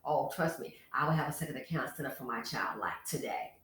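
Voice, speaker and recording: A woman's voice: a bass voice, brisk, a bit bright, a little hiss or hum. A woman hosting a casual commentary vlog, talking frankly and chattily straight to her female viewers. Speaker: channel host. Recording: echoey room.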